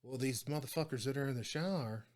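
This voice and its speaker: A man, a former prison guard telling stories in a casual interview, animated and full of cursing. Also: mid-range voice, fast talker. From Oklahoma. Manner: profane, animated storytelling with quoted dialogue.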